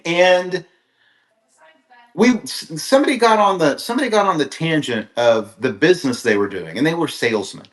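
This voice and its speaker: A man's voice: on the high side, lively intonation, normal speed, reverberant. Earnest rambling man from Kansas. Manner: rambling, earnest storytelling with many restarts. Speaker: motivational speaker. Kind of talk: live-streamed motivational talk.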